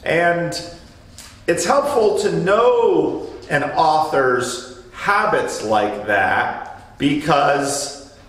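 A man with a fairly high voice leads a conversational Bible study, explaining and telling stories while he repeats the starts of his phrases. He sounds distant from the mic in an echoey church room. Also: lively intonation, drawn-out words, a bit bright. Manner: explanatory, storytelling, restarts phrases.

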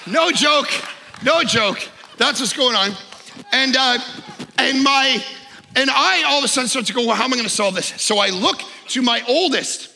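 A man preaching with a high, gravelly and sharply bright voice. He tells his stories with great energy, breaking into shouts and then dropping to a near hush. The sound carries the long echo of a large hall. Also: normal speed, slight background noise. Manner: animated storytelling, shouting in excitement then dropping low. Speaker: pastor. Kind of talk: sermon.

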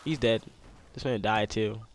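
A young man casually commenting on his own gameplay, excitable and slangy, repeating lines and yelping when he gets attacked. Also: lowish voice, measured pace, slight background noise. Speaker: gamer.

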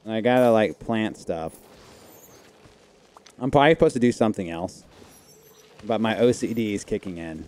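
A man chatting casually and slangily while playing a video game, thinking out loud. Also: on the low side, moderate pace, long pauses. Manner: chatty, slangy, says dude and like a lot. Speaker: gamer playing on stream. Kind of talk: casual gameplay commentary. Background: faint game music.

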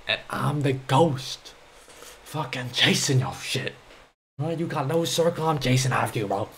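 A young man talks his way through building a game level on a live stream. His delivery is slow and unhurried, a running mutter peppered with curses and laughter at his own results. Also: mid-range voice, vocal fry, a little hiss or hum.

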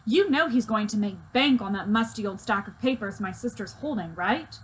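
A woman voicing a bold, mouthy teenage boy with a loud, needling manner while reading a children's novel aloud. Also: medium pitch, animated, normal speed, a little hiss or hum, lightly acted. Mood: goading.

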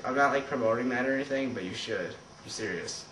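A man hosting his own vlog, rambling through unscripted random thoughts in a goofy, deadpan way. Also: mid-range voice, quick pace. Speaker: vlog host. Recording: roomy and distant with faint noise.

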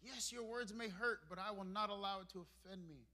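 A pastor from Brooklyn, New York, delivering a lively sermon in a church. He swings from soft, confiding lines to loud, emphatic ones. His voice sits high for a man and sounds bright and forceful. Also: fairly quick. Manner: animated preaching that swings from hushed to emphatic. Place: church sanctuary.

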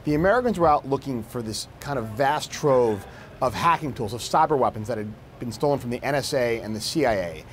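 A man's voice: medium pitch, lively intonation, fairly quick, a little hiss or hum. A man, a national security correspondent, explaining his reporting as a news interview guest, with fillers and restarts.

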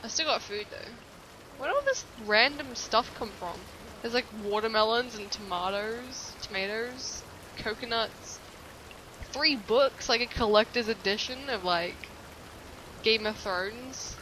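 Bright-voiced woman swearing at her game. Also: fairly high pitch, expressive, unhurried, a little hiss or hum. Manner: profane, reacts loudly, insults her character. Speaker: gameplay commentator. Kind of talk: casual let's-play commentary.

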